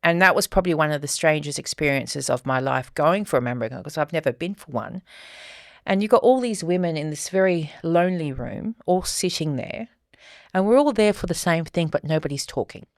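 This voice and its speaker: A woman co-hosting a podcast, telling a candid personal story in casual chat and getting animated when she quotes other people. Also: sits low, a little fast, no room sound, studio quality. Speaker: podcast co-host.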